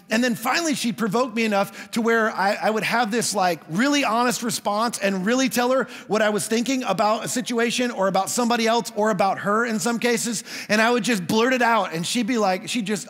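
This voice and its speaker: High-voiced pastor preaching in a hall. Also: male voice, fairly bright tone. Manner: conversational storytelling with quick asides. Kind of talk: sermon. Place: church hall. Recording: long hall reverb.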